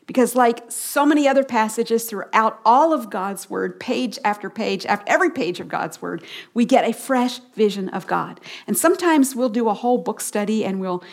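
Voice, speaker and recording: Woman teaching the Bible, slow repetitions. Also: a little high, expressive, gravelly. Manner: slow call-and-response repetition of key phrases.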